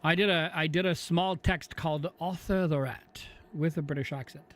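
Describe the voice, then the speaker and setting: A man streaming a video game, chatting casually with excitable, rambling asides. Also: fairly high pitch, moderate pace. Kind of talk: casual gaming stream chat.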